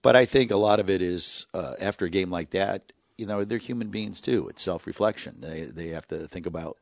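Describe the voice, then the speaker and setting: A man co-hosting a sports podcast, explaining things in a measured way with fillers. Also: low voice, creaky, no room sound. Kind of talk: casual sports podcast chat.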